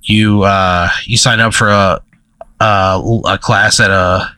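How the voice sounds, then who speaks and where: A man's voice: on the low side, fairly even intonation, slow, bright, forceful tone, clear, resonant tone, no echo. Male co-host, rambling comedic storyteller, full of "uh"s, laughs through his lines, dry sound. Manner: rambling storyteller, laughs mid-sentence, many fillers. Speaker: podcast co-host. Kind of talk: casual comedic chat.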